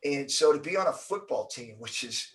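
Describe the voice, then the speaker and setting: A middle-aged man telling a story as an interview guest, acting out the quotes with lively energy. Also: medium pitch, normal speed, recorded from a distance, rough recording. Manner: animated storyteller, acts out quotes.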